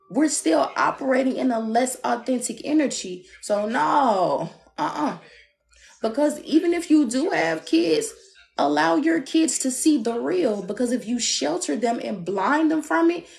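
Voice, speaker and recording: A woman giving a live-streamed love reading, blunt and animated, with playful asides. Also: sits high, vocal fry. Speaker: tarot reader. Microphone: phone.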